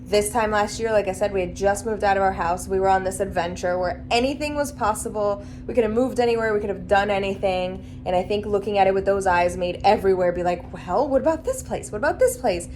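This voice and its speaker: A woman's voice: mid-range voice, fairly even intonation, a little fast, hardly any pauses, background noise. A woman in her thirties talking casually in a road trip vlog, chatty and reflective with lots of "like". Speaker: vlogger. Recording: music playing underneath.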